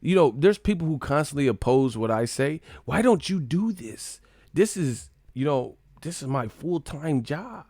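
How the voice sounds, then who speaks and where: Gravelly-voiced man, loose profane banter. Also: sing-song, unhurried, mellow, no room sound, clean studio sound. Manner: profane, joking, mocking chat in silly high voices. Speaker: live stream host. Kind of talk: casual live-stream chat reading comments.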